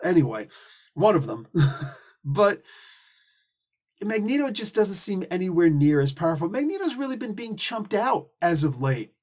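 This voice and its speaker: A man talking casually about a comic book, rambling and animated, often stopping himself and slipping into quick put-on voices. His voice sits a little higher than most men's. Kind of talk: casual solo review monologue.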